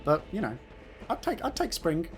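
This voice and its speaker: A man's voice: a little high, wildly swooping pitch, normal speed, faint music behind. A young man streaming a game live, swearing freely and bantering with his chat between fights. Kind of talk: casual live commentary while playing and reading chat.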